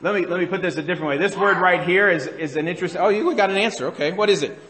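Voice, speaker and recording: A man's voice: high-pitched, rapid-fire, fairly bright tone, in a large hall. A man preaching a sermon as pastor, talking in a conversational way and putting questions to the congregation. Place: church sanctuary.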